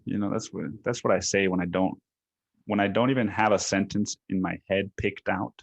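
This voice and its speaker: A man's voice: sits low, steady tone, brisk, creaky, no room sound, lo-fi sound. A man hosting a solo podcast, talking casually in a rambling, profane way full of fillers and restarts. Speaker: podcast host.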